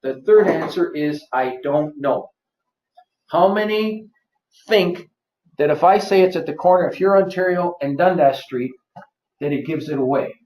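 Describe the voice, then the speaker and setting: High-voiced male seminar presenter, coaxing, repeats key points, recorded far off in a roomy space. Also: moderate pace, a little mellow. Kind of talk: live workshop lecture. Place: office seminar room. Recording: roomy, distant, dull lo-fi.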